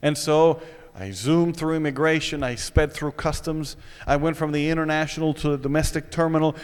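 A man telling a personal story to an audience, retelling it in an animated, dramatic way. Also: fairly high pitch, clean tone. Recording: echoey hall.

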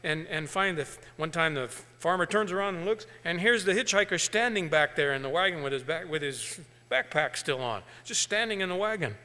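A male preacher delivering a sermon with animated storytelling, swinging between hushed and emphatic. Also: fairly high pitch, a little fast, hardly any pauses, in a large hall.

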